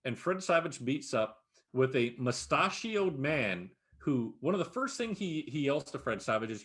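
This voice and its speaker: A man co-hosting a podcast, chatting casually and recapping a series. His voice swings up and down as he tells the story, and he swears all the time in a loose, animated way. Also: medium pitch, moderate pace. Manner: profane, animated recapping with frequent laughs. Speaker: podcast co-host. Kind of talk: casual chat.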